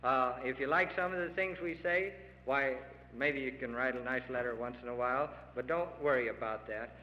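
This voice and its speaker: A man's voice: medium pitch, moderate pace, slight background noise. A middle-aged man giving an earnest, emphatic public speech to farmers, pleading with his audience. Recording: lo-fi archival radio recording with long hall reverb.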